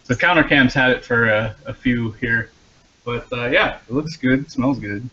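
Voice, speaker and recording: Relaxed man describing pickles. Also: mid-range voice, measured pace. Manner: relaxed, describes flavors with fillers. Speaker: cook on a stream. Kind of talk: casual food description. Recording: dull lo-fi stream audio.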